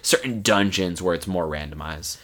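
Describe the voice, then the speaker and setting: A man's voice: sits low, moderate pace, fairly bright tone. A young man co-hosting a podcast, laid-back in chat and reading news segments aloud. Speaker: podcast co-host.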